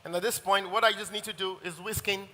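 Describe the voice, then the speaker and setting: A high, very bright male voice belongs to a chef who talks his audience through a recipe as he cooks. His enthusiasm comes through, and a long hall reverb trails behind him. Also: steady tone, quick pace. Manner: enthusiastic, talks while cooking. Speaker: chef giving a cooking demonstration. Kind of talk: live cooking demonstration. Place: large hall at a live event.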